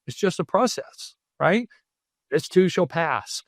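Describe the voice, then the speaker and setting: A middle-aged man speaks as a podcast guest. He sounds earnest and reflective and often retells conversations in other people's words. His voice sits a little high for a man, and the sound is close and dry. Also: lively intonation, slow, no echo. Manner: earnest, retells stories with quoted dialogue. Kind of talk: reflective storytelling.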